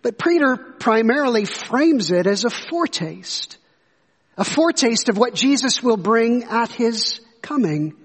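Male pastor, high voice, earnest storytelling sermon, church hall reverb. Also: expressive, measured pace, breathy edge. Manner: earnest storytelling, rhetorical questions.

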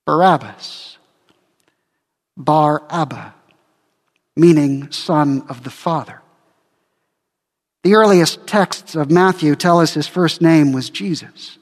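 A man's voice: a little high, slow, in a large hall. A male pastor preaching a sermon dramatically, acting out the quoted speakers.

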